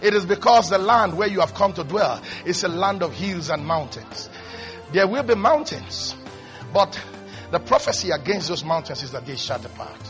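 High, bright-voiced man preaching emphatically. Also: lively intonation, normal speed, soft background music. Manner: emphatic, repetitive preaching with sudden loud rises. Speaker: pastor. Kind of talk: sermon.

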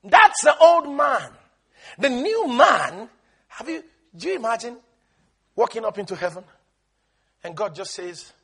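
A man preaching a sermon with emphatic call-and-response exhortation, swinging between shouts and quiet asides. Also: very high voice, sing-song, measured pace, long pauses, slightly rough.

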